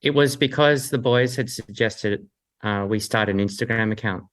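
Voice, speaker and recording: A middle-aged Australian man talking casually as an interview guest, halting and full of restarts. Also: fairly low pitch, a bit bright. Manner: halting, many restarts and fillers. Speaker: guest, husband.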